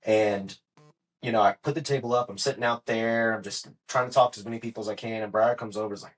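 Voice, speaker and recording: A man hosting a casual podcast, animated and quick to laugh, often repeating words for effect. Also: fairly low pitch, low-quality recording. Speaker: podcast host, physical therapist. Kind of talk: casual chat.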